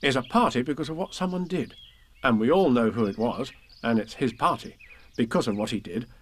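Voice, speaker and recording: A man's voice: medium pitch, a little fast, lightly acted. A man voicing an earnest young boy making a speech in a storybook reading.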